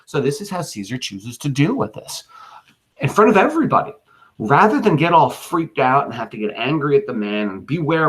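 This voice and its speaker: A male teacher talking through a classic play in plain, informal language, dropping slang asides as he goes. His pitch swings widely, which keeps his explanations animated. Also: brisk. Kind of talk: casual explanatory lesson on a play.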